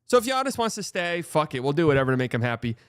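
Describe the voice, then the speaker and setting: A man's voice: on the high side, sing-song, racing, fairly bright tone, smooth, no echo. Sarcastic man talking sports, dry sound. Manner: sarcastic, blunt, swears freely. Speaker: host. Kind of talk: casual sports commentary.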